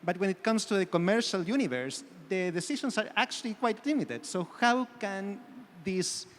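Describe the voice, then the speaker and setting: A man's voice: high voice, animated, moderate pace, slight background noise. A man speaking as a panelist in a panel discussion, hedging often with fillers and restarts. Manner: hedging, many "you know" fillers. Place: conference hall. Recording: long hall reverb.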